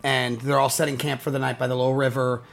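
A young co-host on a casual movie podcast, retelling scenes in an animated way and laughing along. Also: mid-range voice, quick pace, gravelly. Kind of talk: casual movie-review chat.

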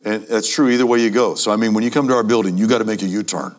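Racing along in a lowish, steady voice, a preacher delivers an emphatic sermon, hammering key phrases and calling his congregation ladies and gentlemen.

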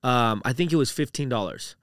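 A man's voice: mid-range voice, lively intonation, brisk, fairly bright tone, no echo, studio quality. A man co-hosting a podcast in casual, rambling chat, full of "like" and "dude". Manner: rambling, uses "like" and "dude" a lot. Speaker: podcast co-host.

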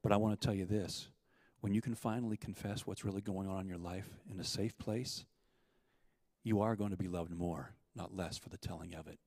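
A man preaching, telling a parable and acting out the quotes, with swings between loud urgency and hushed softness. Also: sits low, fairly even intonation, a little fast, no echo, in a large hall. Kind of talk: sermon storytelling.

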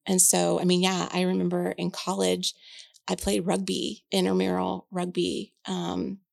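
A woman's voice: lowish voice, monotone, measured pace, gravelly, a little mellow, no room sound, studio quality. A woman in her forties, a podcast co-host talking candidly in casual chat, swearing freely and thinking aloud. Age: 40s. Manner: candid, frank, swears freely, many fillers.

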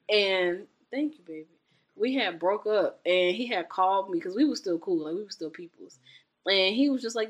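A young woman co-hosting a casual chat, telling stories with a lot of laughter. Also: mid-range voice. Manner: chatty storyteller, laughs often.

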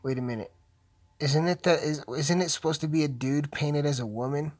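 A young man who is high, rambling through casual commentary while swearing and joking constantly. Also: steady tone, a little fast, no echo. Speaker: video host.

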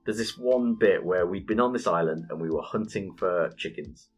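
Brief: man, 30s, husky and low-pitched, animated sweary storyteller on a casual gaming podcast, faint music underneath. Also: normal speed. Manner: animated storytelling, swears freely, laughs often.

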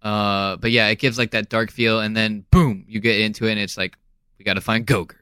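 A man's voice: lowish voice, flat delivery, a little fast, pushed and bright, smooth, dry recording. A man co-hosting a podcast in casual chat, agreeable and easygoing, rambling a little. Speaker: podcast co-host.

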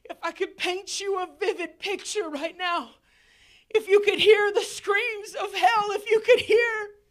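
A woman preacher with a very high voice delivers an emotional altar-call sermon in a church. She speaks slowly and deliberately, swinging from tearful, near-shouted pleas down to hushed whispers. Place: church sanctuary.

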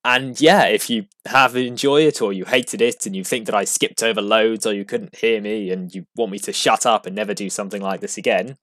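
A man's voice: lowish voice, fairly even intonation, brisk, hardly any pauses, fairly bright tone, no echo, clean studio sound. A man signing off his podcast in a rambling, self-deprecating way, chuckling at himself between restarts. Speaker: podcast host. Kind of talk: casual podcast sign-off.

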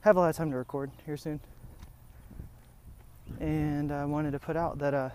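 A young man hosting a podcast, out of breath as he walks around a track outdoors, rambling through a casual, low-energy update. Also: little pitch movement, moderate pace, a little mellow. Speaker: podcast host. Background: wind and outdoor sounds.

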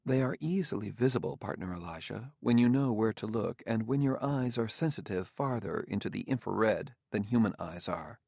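A man voicing a calm, precise male robot. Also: fairly low pitch, vocal fry, breathy edge, no room sound, clean studio sound, exaggerated voice. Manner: even, precise and unhurried.

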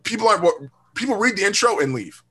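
A man co-hosting a podcast, telling a story in a casual, animated, profane way and acting out quoted lines. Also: high voice, fast talker, breathy edge. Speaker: podcast co-host. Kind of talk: casual chat.

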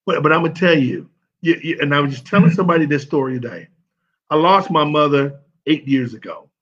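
Emotional man with a husky voice. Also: fairly high pitch, lively intonation, fairly bright tone, muffled recording. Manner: emotional, halting, repeats words. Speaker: former pro football player speaking at an event. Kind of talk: heartfelt tribute speech.

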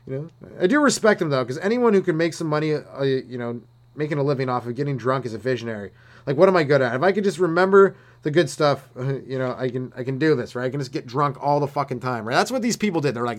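A man's voice: medium pitch, expressive, fast talker. A young man doing a rambling, profane solo comedy rant, acting out silly voices. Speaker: stand-up comedian.

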